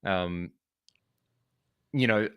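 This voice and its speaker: An Australian man from Western Australia, a guitar video creator, chats casually as a podcast guest, rambling with lots of fillers and restarts. His low voice is smooth with drawn-out words, and the sound is lo-fi.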